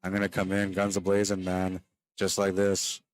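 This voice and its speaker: A man with a deep voice, speaking at normal speed, provides relaxed and chatty live coverage of a pool match for viewers on his stream. There's a slight late-day weariness to him.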